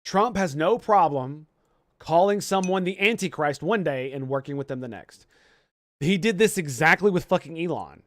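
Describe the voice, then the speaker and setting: A young man with a somewhat high voice, riffing in casual commentary. He rambles, swears freely and keeps restarting his sentences. The sound is dry and close. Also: expressive, moderate pace, no room sound. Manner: rambling, profane, many restarts. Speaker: streamer host.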